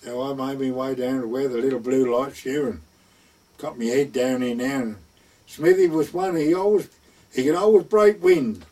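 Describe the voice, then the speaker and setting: A man's voice: mid-range voice, moderate pace, darkish tone, far from the mic. An older man recounting his wartime years at sea in a rambling oral history, acting out what people said. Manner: rambling anecdotal, acts out quoted speech.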